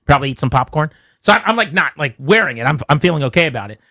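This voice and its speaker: A man's voice: a little high, rapid-fire, dry recording. A man hosting a sports radio show, telling a story with lots of filler words in studio banter. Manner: animated storytelling, many "like" fillers. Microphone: studio microphone.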